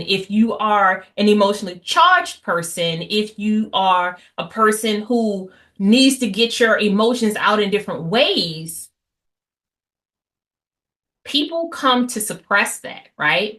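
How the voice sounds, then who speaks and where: Taking things slowly, this woman lectures an audience on healing after infidelity in a medium-pitched, expressive, somewhat bright voice. She teaches bluntly and with animation, adding asides and mock voices to the lively class.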